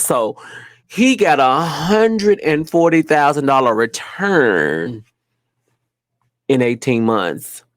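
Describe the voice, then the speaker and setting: A man's voice: mid-range voice, no room sound, studio quality. Slangy, profane man hosting a podcast. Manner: slangy, profane storytelling with quoted voices. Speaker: podcast host. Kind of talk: casual chat.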